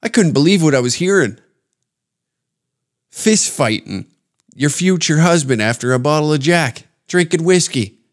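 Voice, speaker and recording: A man's voice: fairly high pitch, expressive, moderate pace, pauses often. A man, a podcast host and stand-up comedian, riffing in a profane, rambling, jokey comedic monologue. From Canada.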